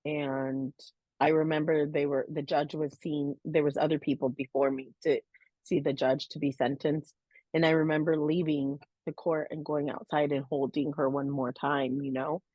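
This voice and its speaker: A woman's voice: low-pitched, flat delivery, moderate pace, no room sound, dull audio. A woman co-hosting a podcast, earnestly telling her own story in a heartfelt, casual way, with many "you know"s and "um"s. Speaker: podcast co-host. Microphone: podcast microphone.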